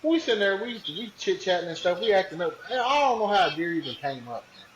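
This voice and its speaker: A man's voice: high-pitched, very animated, fast talker, reverberant, muffled recording, slight background noise. Slangy man telling a hunting story. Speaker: podcast guest, hunting ambassador. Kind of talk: casual storytelling.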